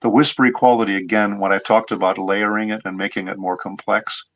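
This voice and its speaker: A man's voice: lowish voice, steady tone, fairly quick, a bit bright, poor audio. A middle-aged man, a voice actor guest, explaining his craft in a patient, teacherly way during a casual interview.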